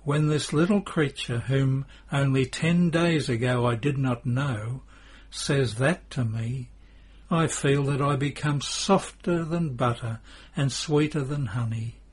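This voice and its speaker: A man voicing a gentle, loving middle-aged mother who speaks tenderly and pleads. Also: mid-range voice, slow pace, husky.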